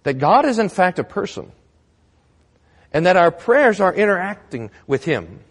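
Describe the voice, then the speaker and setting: A man's voice: high voice, sing-song, normal speed, slightly rough. A male pastor preaching a sermon in a church, conversational with wry humor.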